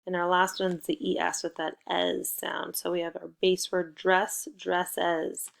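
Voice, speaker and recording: Speaking at a fairly low pitch with a flat, gravelly delivery, a woman teaches young children phonics in a recorded lesson. She draws each letter out slowly and runs a playful call-and-response.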